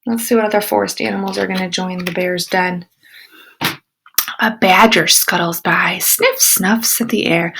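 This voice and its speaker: A woman teacher reading a picture book aloud to children, expressive, with whispered asides. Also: mid-range voice, normal speed, vocal fry, slightly rough, poor audio.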